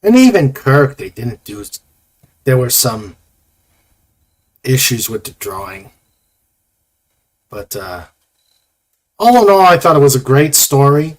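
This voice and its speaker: A man hosts a relaxed livestream in a mid-pitched voice, speaking slowly and haltingly yet very animated. He wanders between thoughts with plenty of fillers and reads out comments from viewers.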